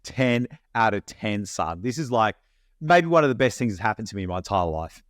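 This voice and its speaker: Lively bloke telling a story. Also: male voice, on the low side, fairly quick, no echo, clean studio sound. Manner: animated storytelling, laddish slang. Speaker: podcast co-host. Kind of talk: casual chat.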